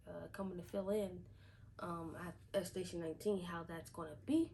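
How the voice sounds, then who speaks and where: A woman's voice: lowish voice, flat delivery, moderate pace, mellow, a little hiss or hum, rough recording. A woman reviewing a TV episode in a casual vlog, chatty, repeating herself with lots of fillers. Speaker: TV show reviewer.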